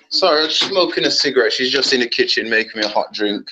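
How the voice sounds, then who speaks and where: A man with an English accent, a guest speaking by call from home, who hesitates often and fills his pauses. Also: medium pitch, sharp tone. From England. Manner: hesitant, filler-heavy. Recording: dull lo-fi call line with faint noise.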